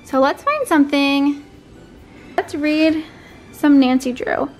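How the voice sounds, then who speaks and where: A young woman chatting to the camera at home in a chatty, dramatic way, full of quick exclamations. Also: sits high, faint music behind. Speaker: vlogger. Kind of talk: casual chat to camera. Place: home bedroom.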